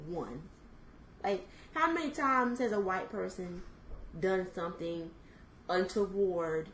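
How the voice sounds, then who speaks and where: A young woman in her twenties co-hosting a podcast, thinking out loud in casual chat with lots of fillers. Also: lowish voice, echoey room, a little hiss or hum, rough recording. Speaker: podcast co-host.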